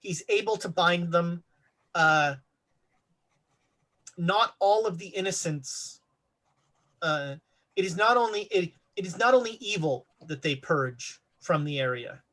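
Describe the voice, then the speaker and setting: A woman's voice: on the low side, animated, unhurried, pauses often, fairly bright tone, rough recording. A woman running a tabletop horror game as game master, narrating with a lot of hesitation and fillers.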